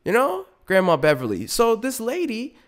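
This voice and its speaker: A man hosting a podcast, telling a story in a profane, animated casual rant with frequent restarts and asides. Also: very high voice, normal speed. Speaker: podcast host.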